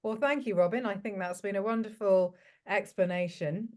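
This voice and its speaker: A woman's voice: mid-range voice, fairly quick, darkish tone. Chatty woman hosting an interview. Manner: chatty, rambling. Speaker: host. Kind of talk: casual interview chat.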